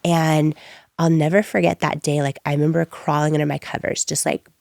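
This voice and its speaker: Woman, gravelly tone, animated interview storytelling, dry sound. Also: deep voice, a little fast, no echo. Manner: animated, acts out her own past lines. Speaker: entrepreneur guest.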